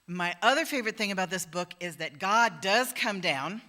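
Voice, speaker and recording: A woman minister preaching in a church with a bright, clear tone. Her sermon is loose and conversational, and she slips into the voices of the people she quotes. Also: medium pitch, lively intonation, normal speed. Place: church sanctuary.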